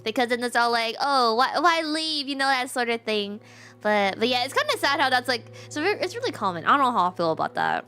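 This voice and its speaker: A woman's voice: on the high side, very animated, fast, sharp tone. A woman streaming a game, chatting casually and rambling with fillers and little laughs. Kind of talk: casual live-stream chat.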